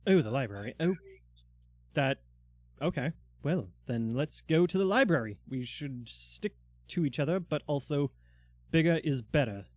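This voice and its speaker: Give me a man doing a breezy castle guide, slightly high and bone dry. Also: animated, moderate pace, long pauses, no echo. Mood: hurried. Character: male guide leading the party through a castle.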